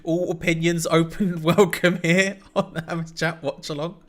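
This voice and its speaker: A man co-hosts a casual live football stream. His voice sits a little above the usual male pitch. He teases his co-host and reads chat messages in playful banter. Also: little pitch movement, normal speed. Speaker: co-host of a football watch-along.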